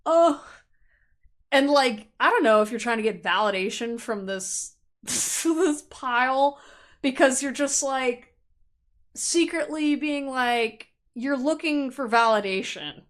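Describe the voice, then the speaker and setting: Chatty, animated woman tarot reader. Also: high-pitched, slow pace. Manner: chatty and animated, laughing often, with frequent fillers; acts out quoted thoughts in playful voices. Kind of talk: casual pick-a-card tarot reading.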